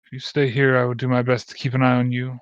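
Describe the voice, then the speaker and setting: A man voicing an older male vampire hunter who speaks in a measured, earnest way. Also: mid-range voice, monotone, clear, resonant tone, no room sound, close to an everyday voice. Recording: muffled lo-fi mic.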